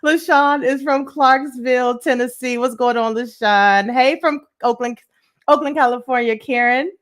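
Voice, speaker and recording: A woman with a high-pitched voice speaks at normal speed while hosting a live money show. She chats with viewers in the live stream, greeting them by name and laughing plenty.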